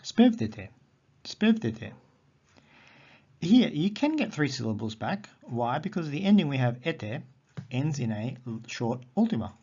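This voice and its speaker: Male teacher, mid-pitched, patient and repetitive, on a dull lo-fi recording. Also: big pitch swings, warm tone, breathy edge. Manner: patient explaining, repeats words slowly. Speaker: Greek teacher. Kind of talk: recorded grammar lesson. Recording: dull lo-fi audio.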